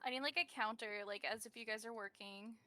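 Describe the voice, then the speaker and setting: A woman co-streamer chatting casually and teasing with quick quips. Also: a little high, bright, forceful tone.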